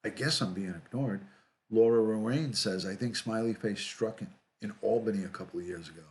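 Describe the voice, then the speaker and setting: A man's voice: lowish voice, brisk. A middle-aged man, hosting a casual livestream, reading viewer comments aloud and greeting people by name, often repeating himself. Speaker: livestream host, retired detective.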